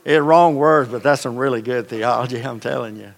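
A man's voice: medium pitch, brisk, creaky. A man preaching a sermon as pastor, telling stories in a conversational, folksy way with casual asides. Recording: long reverb of a large hall.

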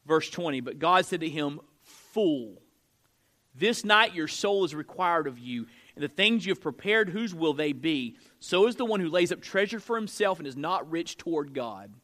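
A male pastor in middle age delivering a sermon with a high, forceful, bright voice. He preaches emphatically, building to loud declarations, then dropping to quiet, low-pitched lines. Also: lively intonation, normal speed, hardly any pauses. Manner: emphatic preaching, swinging between loud and soft.

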